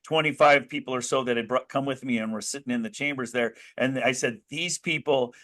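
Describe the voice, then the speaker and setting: A man's voice: medium pitch, fairly even intonation, fast, a bit bright. An American man speaking as an interview guest, telling his story earnestly with many restarts and rising bursts of emphasis. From United States. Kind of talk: conversational interview.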